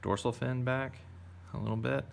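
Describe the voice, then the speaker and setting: A man's voice: medium pitch, fairly even intonation, moderate pace, creaky, slight background noise. A man casually teaching kids to draw, playful and chatty as he narrates each step. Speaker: art teacher. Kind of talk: casual drawing tutorial for kids.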